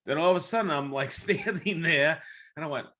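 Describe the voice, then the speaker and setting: A man hosting a podcast, telling a story in casual chat, animated and profane, acting out his own reactions. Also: a little high, a little fast. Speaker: podcast host.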